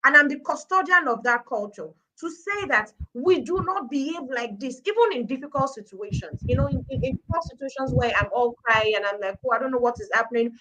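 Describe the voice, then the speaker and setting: Middle-aged Nigerian-accented woman, emphatic guest speaker, bright forceful tone. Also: high voice, animated, fairly quick, few pauses, a little hiss or hum, rough recording. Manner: emphatic, repeating points for stress. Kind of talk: live-stream talk show discussion.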